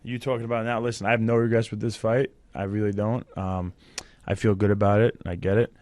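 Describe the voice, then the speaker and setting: Man, 30s, emotional, low pitch, dry studio sound. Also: flat delivery, fast talker, darkish tone, no echo. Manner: choked up, emotional. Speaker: fighter guest. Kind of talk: casual interview chat.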